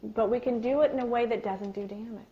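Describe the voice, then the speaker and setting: A woman leads a live parenting workshop with an animated storytelling manner and questions for the room. Her voice sits fairly high. It comes through on a dull, lo-fi recording. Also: fast talker. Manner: acts out yelled lines in a high, loud voice. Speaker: parenting and communication speaker. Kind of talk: live workshop talk with personal stories.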